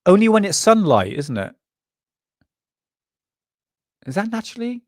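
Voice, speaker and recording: A man's voice: high-pitched, very animated, quick pace, dry recording, studio quality. A man from England hosting a live show, chatting loosely with viewers and reacting to clips. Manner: rambling, laughing, talking to chat. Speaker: host of a live UFO show. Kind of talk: casual live-stream chat.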